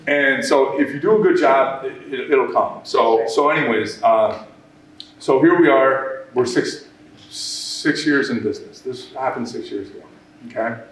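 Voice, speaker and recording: A man's voice: mid-range voice, unhurried. A man who runs a business, telling an audience a long story about his start, with many restarts and quoted remarks. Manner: rambling, animated, with many restarts. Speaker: business owner speaking at a workshop. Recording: echoey room, mic at a distance.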